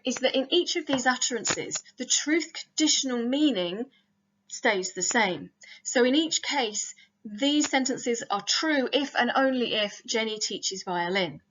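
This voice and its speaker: A woman's voice: fairly high pitch, fairly bright tone, lo-fi sound. Woman giving a careful academic talk. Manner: careful, explanatory, with slight restarts. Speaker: lecturer. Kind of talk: recorded academic slide talk.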